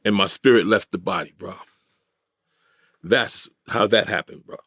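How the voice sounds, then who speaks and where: A man's voice: fairly low pitch, measured pace, fairly bright tone, no room sound. A middle-aged man from New York, a guest in a studio interview, telling a vivid street-style story and acting out the voices of others.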